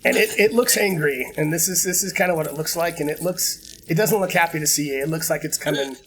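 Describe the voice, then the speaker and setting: A man's voice: fairly high pitch, fairly bright tone, a little hiss or hum, poor audio. Man running a tabletop game, easygoing. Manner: easygoing, halting with fillers and restarts. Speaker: game master. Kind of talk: narrating a tabletop game over voice chat.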